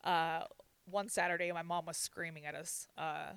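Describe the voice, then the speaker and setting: Casting note: young woman co-host, bright and crisp, chatty gossip with "like" fillers, dry close sound. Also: low voice, level tone, normal speed, dry recording. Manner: storytelling with frequent laughs and "like" fillers. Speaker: podcast co-host. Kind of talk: casual gossip chat.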